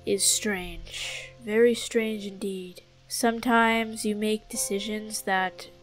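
A woman voicing a solemn, wise old sage who lectures a child slowly and gravely. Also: mid-range voice, fairly even intonation, faint music behind, voice pushed down, close to an everyday voice, poor audio. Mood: mock solemn. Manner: slow, grave, preachy.

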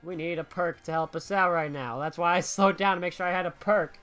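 A young male streamer gives running commentary over a racing game. His voice is bright and forward, and it swings from low muttering to loud, swearing outbursts. Faint game music plays behind him. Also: brisk, few pauses. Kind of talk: live gameplay commentary.

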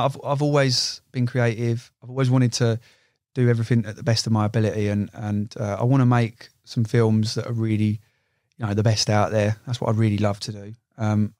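A man's voice: mid-range voice, darkish tone, no echo, studio quality. A young man and carp angler, telling fishing stories in a casual podcast chat, swearing and saying "you know" a lot. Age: young adult.

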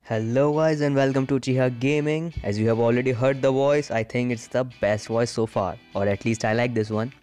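A man narrates a step-by-step gaming tutorial as a voice-over. His voice sits at an ordinary middle pitch, and his delivery is plain and instructive, moving through one step after another. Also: brisk, hardly any pauses, darkish tone, soft background music. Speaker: gaming channel host.

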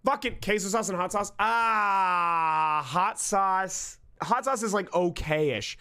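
A man's voice: high voice, slow pace, pushed and bright, clear, resonant tone. A man streaming live, ranting with emphasis and mock outrage, swearing often.

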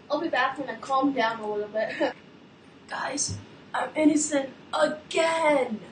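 A woman YouTuber giving gameplay commentary, excitable, with dramatic exclamations and groans. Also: high voice, slight background noise. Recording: roomy, distant mic.

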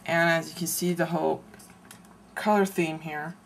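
A woman casually showing her handmade craft album, chatty and meandering, often pausing mid-sentence to search for words. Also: sits low, fairly even intonation, creaky, a little hiss or hum. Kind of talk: casual show-and-tell craft video.

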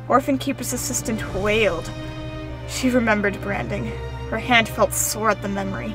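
A woman narrating a storybook tale in a calm, measured way. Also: medium pitch, faint music behind, rough recording.

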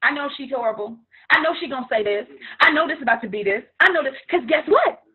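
High-pitched woman coach on tinny audio. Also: fast. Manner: animated, emphatic, acts out dialogue with rising and falling intensity. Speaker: life coach. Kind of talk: motivational talk.

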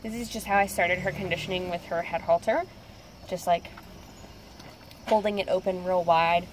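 A woman casually showing how she trains her dog, upbeat, with high excited bursts of praise. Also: moderate pace, slight background noise. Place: outdoors near a street.

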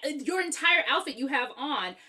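High bright woman cohost, wry and jokey, swears, pitch all over the place. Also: expressive, moderate pace. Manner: wry, joking asides, profane. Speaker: podcast co-host. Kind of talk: casual movie review chat.

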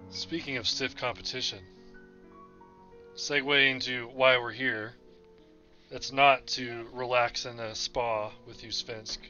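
A man's voice: mid-range voice, fairly even intonation, slow, sharp tone, lo-fi sound, soft background music. A man playing a tabletop game, talking casually while bargaining in character. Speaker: player. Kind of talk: casual tabletop role-play.

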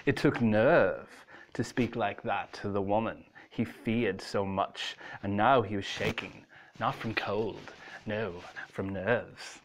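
A man reading a ghost story aloud in a slow, suspenseful way. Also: lowish voice, a little hiss or hum.

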